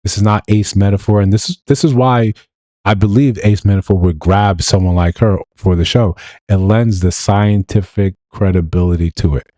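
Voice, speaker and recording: A man giving blunt, animated livestream commentary, often mimicking other people in quotes. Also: fairly low pitch, moderate pace, dry recording. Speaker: streamer and commentator.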